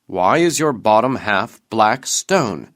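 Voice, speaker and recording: A man voicing a puzzled, commanding sultan in a storybook reading, speaking slowly and deliberately. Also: lowish voice, very animated, fairly bright tone, full character voice. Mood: concerned. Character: troubled adult male sultan, puzzled and commanding.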